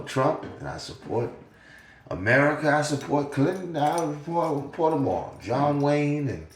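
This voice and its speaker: An older man talking in a casual podcast monologue, profane and animated, laughing often between points. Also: medium pitch. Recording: roomy echo.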